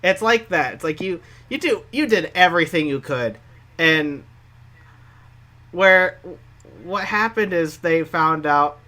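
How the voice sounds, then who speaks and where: A man talking loosely on a podcast with a bright, forceful tone and a slightly raised pitch. He gets animated and cuts in with quick asides as the chat rolls on. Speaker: co-host.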